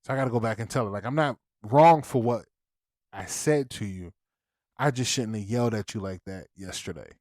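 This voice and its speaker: A man's voice: fairly low pitch, brisk, a little mellow, dry recording. Dad podcast host chatting, acts out his kids in the story, dry close mic. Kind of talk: casual chat.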